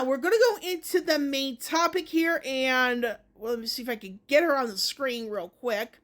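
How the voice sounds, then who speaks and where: High-pitched woman doing a chill gaming opinion vlog, kinda rambly, keeps restarting her sentences. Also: a bit bright. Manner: rambling, self-correcting, many hedging asides. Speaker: gaming vlogger.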